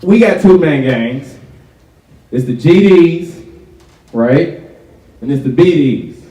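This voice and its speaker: A young man from Chicago doing stand-up at a college show, his slightly high voice sounding a little distant from the mic. The room is roomy and echoing. He talks in a loose, chatty way, leaning on "like" and "right?". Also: lively intonation, slow, dark tone, highs cut off. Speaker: stand-up comedian. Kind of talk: stand-up comedy set. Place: college auditorium with a live audience.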